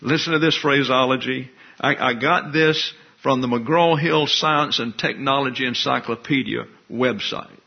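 An older man delivers a sermon in a husky, slightly breathy voice. He talks in a folksy way and teases people in the pews. The recording sounds a little dull and muffled. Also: medium pitch, a little slow. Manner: folksy, teasing asides to the congregation. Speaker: pastor.

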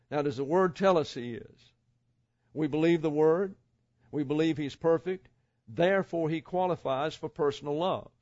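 Man preaching a sermon, slightly high voice. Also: a little mellow, dry recording, muffled recording. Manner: measured preaching with rhetorical questions and asides. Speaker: pastor.

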